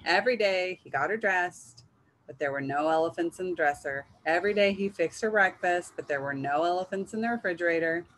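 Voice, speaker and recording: A woman reading a picture book aloud in a gentle, measured storytelling manner. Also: fairly low pitch, rough recording. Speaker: reader.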